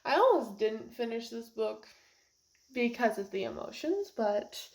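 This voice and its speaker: A woman's voice: high voice, darkish tone. A young woman talking casually about a book she just finished, emotional and rambling, laughing and close to tears. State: teary. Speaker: book reviewer. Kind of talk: casual book review vlog.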